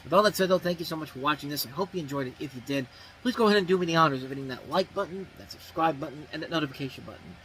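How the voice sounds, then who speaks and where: A man's voice: fairly high pitch, rapid-fire, fairly bright tone, slight background noise, rough recording. A man hosting a movie review show, talking casually and rambling, with frequent restarts and self-corrections.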